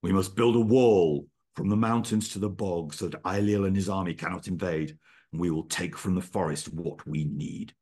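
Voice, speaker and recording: A man's voice: sits low, moderate pace, a little mellow, slightly rough. A man reading aloud, voicing a stern, ruthless chieftain king who gives cold commands in a spoken story. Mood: commanding.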